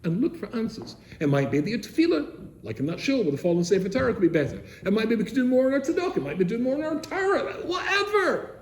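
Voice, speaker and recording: An older man from England, a rabbi telling stories to seminary students, animated, with rhetorical questions, swinging from loud to soft. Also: very high-pitched, fast. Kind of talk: storytelling talk to students. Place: seminary room, indoors. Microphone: camera he set up himself. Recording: echoey room with faint noise.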